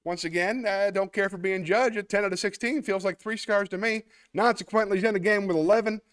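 High-pitched, smooth, and a bit bright, this man speaks a little fast with fairly even intonation. As host of a casual livestream, he chats and thinks aloud through a word game, self-mocking, before sincerely thanking his audience.

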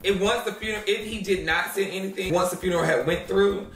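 A man co-hosting a gossip reaction show, giving casual commentary in an animated, drawling way. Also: high voice, fast talker, echoey room, distant mic, faint music behind. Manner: animated, drawling, says "child" often.

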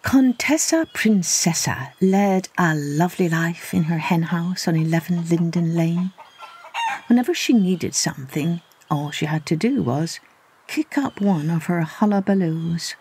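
A woman hosting a children's podcast, telling a story in an expressive, unhurried read-aloud manner. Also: fairly low pitch, husky.

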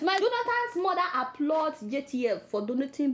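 A woman's voice: high-pitched, sing-song, fairly quick, few pauses, a bit bright. A Nigerian woman hosting a satirical news show, delivering commentary with exclamatory, dramatic mock outrage.

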